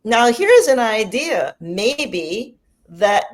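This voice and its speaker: A middle-aged woman hosting a talk show, asking questions in a lively, playful way. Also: on the high side, extremely slow. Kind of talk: lively interview chat.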